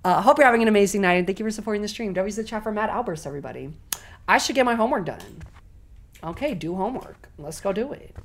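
A young woman streaming a video game, swearing constantly and swinging between loud shrieks and quiet mumbling as she plays. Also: medium pitch, expressive, fast. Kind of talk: casual game commentary.

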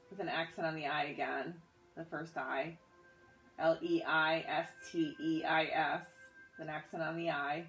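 A woman's voice: sits low, a bit bright, rough recording. A woman teaching a Spanish grammar lesson, patiently spelling words out letter by letter, with some fillers and self-corrections. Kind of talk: guided notes lesson.

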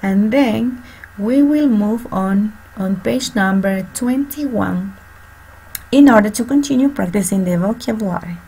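Teacher lady, gravelly voice, slow careful explaining, faint hiss behind. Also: mid-range voice, dark tone, rough recording. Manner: slow, repeats and spells out words for students. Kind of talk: online class instruction. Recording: faint background noise.

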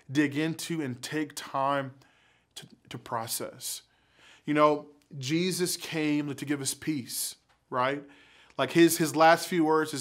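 Youth pastor guy preaching to kids, kinda high voice, earnest, repeats himself as he builds up. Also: fairly bright tone. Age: adult father. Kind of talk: youth sermon ending in prayer.

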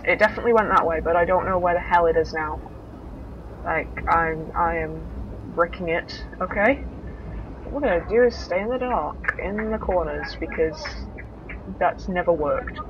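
A woman's voice: on the low side, measured pace, pauses often, dull audio, noisy background. A young woman giving let's play commentary on a horror game, talking to herself, swearing and exclaiming when startled.

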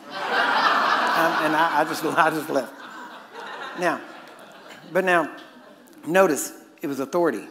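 In an echoey church hall with faint ambience and a noisy background, a man with a fairly high voice preaches a sermon told as a casual story. He speaks at a moderate pace with long pauses, sometimes laughing at his own asides.

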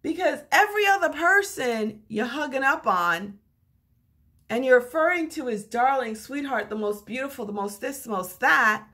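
A middle-aged woman shares relationship advice in a casual monologue. Her voice is slightly husky, and her pitch rises and falls freely as she tells her stories. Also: moderate pace. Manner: animated storyteller with lively pitch swings.

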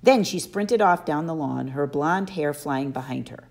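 A woman narrating a children's novel aloud, expressively and slowing down for emphasis. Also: low-pitched, animated, creaky, darkish tone. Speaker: audiobook reader. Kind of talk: storybook narration.

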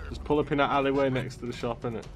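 A young man giving gameplay commentary, loud, swearing often and full of street slang. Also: mid-range voice, fairly even intonation, rapid-fire, soft background music. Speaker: gaming YouTuber.

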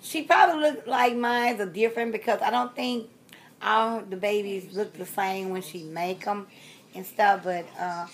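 A woman in her sixties who vlogs about collecting reborn dolls chats casually with her viewers, rambling, repeating herself and trailing off with fillers. Her medium-pitched voice keeps a steady tone at a normal speed.

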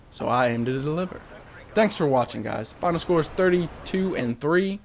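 A man's voice: a little high, animated, normal speed, creaky, a little hiss or hum. A young adult man giving casual voice-over commentary on his own gameplay, candid, profane and joking at his own expense. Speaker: gaming commentator.

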